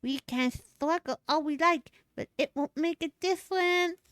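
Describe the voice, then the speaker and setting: A woman's voice: sits high, a little slow, a bit bright, no room sound, clean studio sound, voice pushed up. A woman voicing a bubbly little monster that mangles words playfully, reading game dialogue. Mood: worried.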